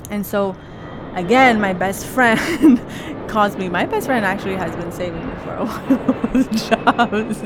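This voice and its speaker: A woman's voice: mid-range voice, a little slow, noisy background. A woman fashion designer telling the story of her career in a casual, chatty way, with lots of "like" fillers. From Los Angeles area.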